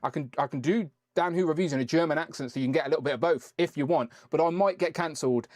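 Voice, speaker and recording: A man's voice: fairly high pitch, quick pace, a little mellow, no echo, clean studio sound. A man hosting a casual live stream, chatting and rambling as he reads out viewer messages.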